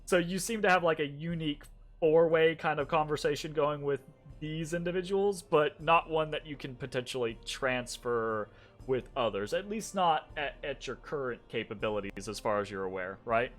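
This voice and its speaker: A man's voice: fairly high pitch, moderate pace, a bit bright. A man narrating as game master of a tabletop game, casual and rambling with fillers. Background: faint background music.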